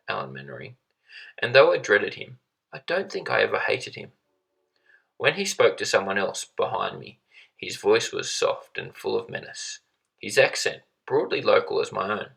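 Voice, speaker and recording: A man reads a short story aloud in a low, gravelly voice with a husky edge. His delivery is measured and steady, but the tone stays bright and forward. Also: low-quality recording. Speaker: reader.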